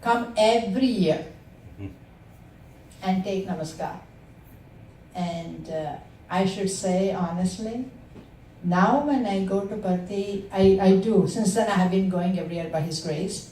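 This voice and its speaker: An older Indian woman in her sixties, a native Telugu speaker, gives a brisk devotional testimony in a low, mellow voice, earnest and personal with hesitations, to a satsang gathering. She's recorded far off the mic in a roomy spiritual-center meeting hall, with a little hiss or hum.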